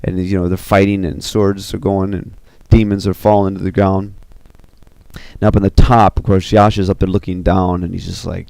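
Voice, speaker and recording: A man casually recounting the scenes of an animated film, animated and full of "you know" and "uh". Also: deep voice, normal speed, gravelly, dry recording. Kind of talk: casual retelling.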